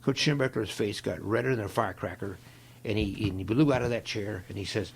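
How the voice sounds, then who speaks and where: An older man from Ohio, a guest on an interview show, telling stories in an animated way and acting out the voices of people he quotes. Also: lowish voice, a little fast, vocal fry, slight background noise. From Ohio, USA. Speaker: guest, longtime football equipment manager. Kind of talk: storytelling interview.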